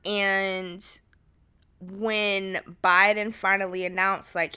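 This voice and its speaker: A woman's voice: on the low side, pushed and bright. A young woman hosting a podcast alone, talking in a candid, rambling way with lots of fillers and restarts. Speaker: podcast host. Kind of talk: casual solo chat.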